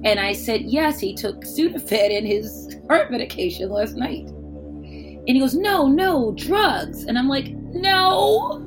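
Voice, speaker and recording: A woman's voice: fairly high pitch, a little slow, music in the background. A woman telling a personal story in casual speech, candid and wry, swearing and acting out what people said.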